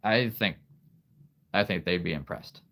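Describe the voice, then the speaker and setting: Brief: low-voiced livestream host, thirties, halting and unhurried. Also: male voice, fairly bright tone. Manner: rambling, halting, laughs often. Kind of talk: casual live-stream chat.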